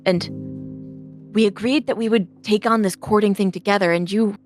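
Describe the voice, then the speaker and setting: A woman's voice: mid-range voice, steady tone, normal speed, faint music behind. A woman narrating as game master in a tabletop role-play, slipping into the other characters' voices.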